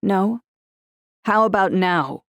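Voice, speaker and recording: A woman's voice: medium pitch, animated, slow pace, a bit bright, no room sound, voice pushed up. A woman voicing an earnest, determined teenage girl who pleads urgently, in an audiobook.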